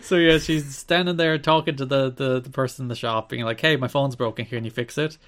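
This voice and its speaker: A man's voice: medium pitch, fairly even intonation, brisk, fairly bright tone. Man casually recapping with a laugh. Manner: recaps events at length, laughing often. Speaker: podcast co-host. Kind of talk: casual chat.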